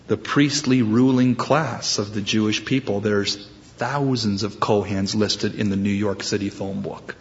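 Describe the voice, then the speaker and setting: A man's voice: lowish voice, muffled recording. A male preacher giving a sermon in a conversational way, with frequent restarts, moving between teaching and storytelling.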